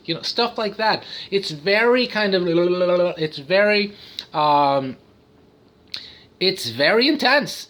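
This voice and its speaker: A man's voice: sits high, animated, a little slow, a bit bright. A man talking casually to camera about his own habits, rambling and interrupting himself, often breaking into sudden singing, noises and cartoon voices. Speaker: vlogger, autistic father.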